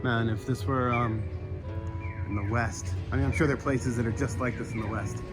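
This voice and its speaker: A man's voice: mid-range voice, normal speed. An American man vlogging casually while walking outdoors, musing aloud as he shows the camera around the countryside. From United States. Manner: relaxed, musing, talks to camera while exploring. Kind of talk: casual walking vlog narration. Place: outdoors, rural streets and tea fields. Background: background music.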